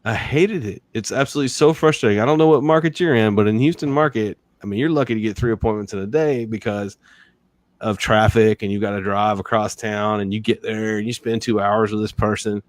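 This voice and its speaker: Guy on a podcast, super animated, does little voices for people he quotes, dry sound. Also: fairly low pitch, fairly quick, no echo. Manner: energetic storyteller, acts out quoted voices, laughs often. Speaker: guest, sales and negotiation expert.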